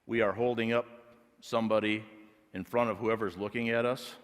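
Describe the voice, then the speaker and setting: Pastor preaching in a reverberant hall. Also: male voice, fairly low pitch, fairly even intonation, normal speed. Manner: storytelling, building to loud emphatic preaching. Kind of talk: sermon. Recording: long reverb of a large hall.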